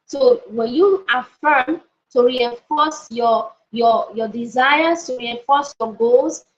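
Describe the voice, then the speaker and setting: Woman pastor and life coach, high voice, emphatic and repetitive, muffled lo-fi recording. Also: slow. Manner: emphatic, repeats key phrases, asks "All right?". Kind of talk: motivational teaching session. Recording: dull lo-fi audio.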